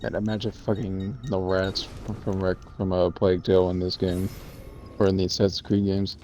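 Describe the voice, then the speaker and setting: A man co-hosting a game stream, dropping dry jokes and quick one-liners in casual chat. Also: low-pitched, little pitch movement, dark tone, a little hiss or hum. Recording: faint game music behind.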